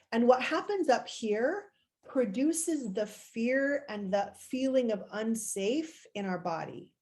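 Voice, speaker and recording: Speaking on the high side with a darkish tone, a woman life coach leads an encouraging, conversational live stream. She guides viewers step by step, demonstrating gestures along the way.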